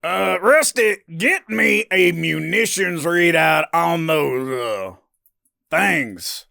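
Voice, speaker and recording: A man voicing a grizzled, gruff human colonist who drawls and mocks. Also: on the high side, big pitch swings, a little slow, bright, forceful tone, no room sound, clean studio sound, voice pushed up, full character voice. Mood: mocking.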